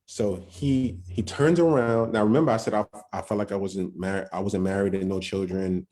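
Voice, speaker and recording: Deep, dark-voiced man telling a story. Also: fairly even intonation. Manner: loose, halting, with many restarts and street slang. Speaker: podcast guest. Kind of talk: casual storytelling testimony.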